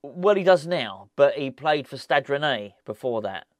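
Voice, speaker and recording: A man's voice: mid-range voice, lively intonation, normal speed, dry recording, clean studio sound. A man chatting casually to camera as a football fan vlogger, rambling and joking as he goes, from a room at home.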